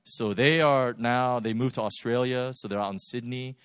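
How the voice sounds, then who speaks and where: A man preaching a sermon, telling stories in a lively, animated way with laughs. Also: medium pitch, moderate pace, smooth, no room sound, clean studio sound. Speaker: pastor. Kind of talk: sermon storytelling.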